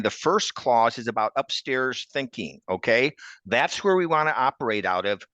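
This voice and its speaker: A man co-leading a faith course, preaching emphatically and retelling a story with lively, jumping emphasis. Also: no room sound. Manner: animated, emphatic storyteller with big pitch jumps. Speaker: ministry co-teacher.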